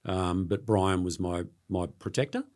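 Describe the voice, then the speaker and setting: A middle-aged Australian man, a sports journalist being interviewed, telling stories in an earnest, halting way and often repeating words. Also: sits low, a little mellow. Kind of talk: casual interview storytelling.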